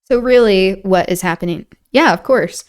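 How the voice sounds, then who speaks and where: Woman streamer reading an old novel out loud, mid pitch, chatting between bits. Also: normal speed. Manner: reads aloud, breaks off for chatty asides. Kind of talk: casual read-aloud with chatty asides.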